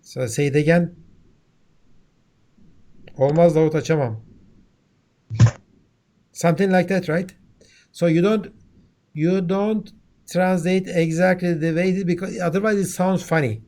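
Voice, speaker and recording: Turkish-accented male lecturer, higher voice. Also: steady tone, moderate pace, darkish tone. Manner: repeats "okay?" and "right?" to check on students; restarts words often. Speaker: university lecturer. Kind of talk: classroom lecture.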